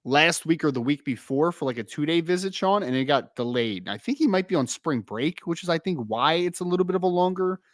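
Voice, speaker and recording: A man's voice: a little high, animated, a little fast, hardly any pauses, dry recording, clean studio sound. A man with a South Jersey accent co-hosting a casual podcast, chatty and prone to repeating himself. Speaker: co-host.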